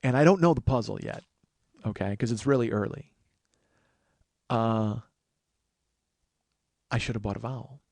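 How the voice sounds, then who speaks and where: A man in his forties telling a comic story on his podcast, animated and profane, bursting into shouts when he quotes himself. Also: medium pitch, moderate pace, vocal fry, pauses often, no echo. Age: 40s. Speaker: podcast host.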